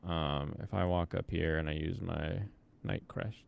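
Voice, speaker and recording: A man's voice: extremely low pitch, steady tone, measured pace, gravelly, clear, resonant tone. A young man from the Pacific Northwest giving casual commentary while playing a game, thinking aloud and chatting with viewers. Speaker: streamer.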